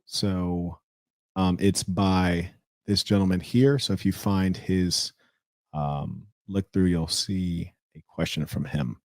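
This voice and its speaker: A man's voice: deep voice, fairly even intonation, slow pace, a little mellow, no room sound. Slangy man hosting a livestream, dry sound. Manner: loose, slangy, mocking asides. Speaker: livestream host. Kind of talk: casual livestream commentary.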